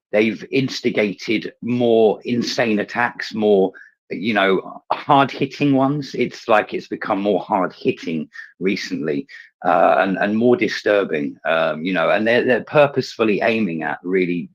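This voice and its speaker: Husky fuming man on a lo-fi line. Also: on the low side, a little slow. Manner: angry, fuming; swears heavily. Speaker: participant in a live audio chat space. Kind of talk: impassioned rant. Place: remote online audio room. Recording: dull lo-fi online audio.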